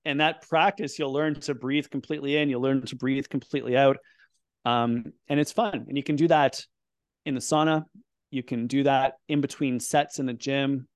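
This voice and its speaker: A middle-aged man, a guest expert on breathing, explains in a casual podcast conversation and guides listeners through a breathing exercise, upbeat and in quick bursts. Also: mid-range voice, steady tone, dry recording, clean studio sound.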